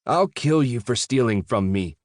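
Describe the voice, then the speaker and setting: A man's voice: expressive, moderate pace, no room sound, studio quality, close to an everyday voice. A man voicing a cowardly, whiny rich city man with a nasal voice. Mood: petulant. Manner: high, petulant, pleading.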